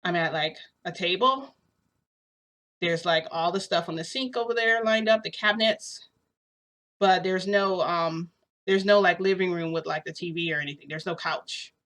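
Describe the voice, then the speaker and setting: A woman with a somewhat low voice tells a personal story to her viewers. She talks casually and loosely, filling her sentences with "like" and "you know". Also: moderate pace, a bit bright. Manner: rambling, full of "like" and "you know". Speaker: vlogger.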